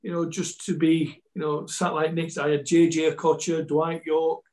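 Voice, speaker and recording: A man's voice: on the high side, little pitch movement, moderate pace, darkish tone, low-quality recording. A man with a Yorkshire Scottish accent, a football coach chatting as a guest, rambling with many repeats and restarts. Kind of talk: casual chat, storytelling.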